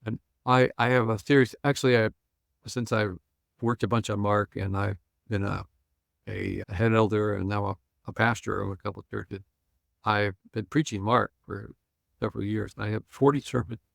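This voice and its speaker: An older man, a pastor and Bible scholar, retelling a story with lively acted-out lines and chuckles in a podcast conversation. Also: fairly low pitch, normal speed, creaky, no echo, clean studio sound. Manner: retells scenes acting out quoted lines, chuckling.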